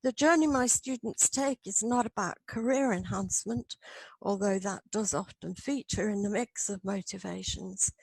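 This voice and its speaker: A middle-aged woman academic reading her paper aloud in a measured, earnest way. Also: medium pitch, vocal fry, slightly rough, dry recording, poor audio. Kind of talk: read-aloud lecture.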